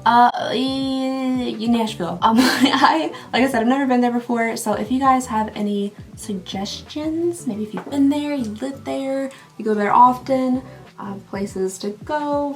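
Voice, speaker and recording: A woman, chatting casually while doing her makeup. She rambles and laughs often, and her voice is getting tired. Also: fairly high pitch. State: losing her voice. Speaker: beauty vlogger.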